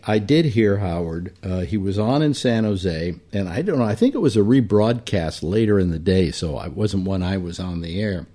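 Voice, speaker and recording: An older man and longtime radio host, reminiscing casually about his career and quoting other people along the way. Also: fairly low pitch. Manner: animated, quotes other people in brief voices.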